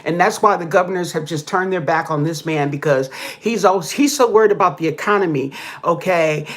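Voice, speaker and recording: A woman vlogger telling stories in casual chat to her viewers, animated, whooping and laughing often, checking in with "okay?" as she talks. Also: lowish voice, brisk. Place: indoor room with pink walls.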